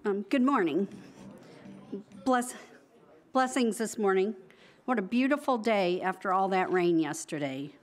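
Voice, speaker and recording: A woman's voice: medium pitch, lively intonation, unhurried, pauses often. A woman giving the announcements at a church service, welcoming visitors in a friendly, slightly hesitant way. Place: church sanctuary.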